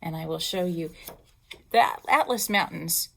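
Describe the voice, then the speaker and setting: A woman librarian leading a storytime for young children, talking in an expressive, teacherly way. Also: on the low side, normal speed, creaky.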